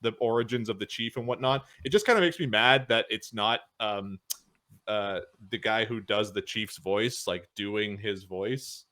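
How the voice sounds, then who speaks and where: A man's voice: lowish voice, measured pace, sharp tone. A man co-hosting a casual podcast chat, rambling with lots of restarts. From Canada. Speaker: podcast co-host.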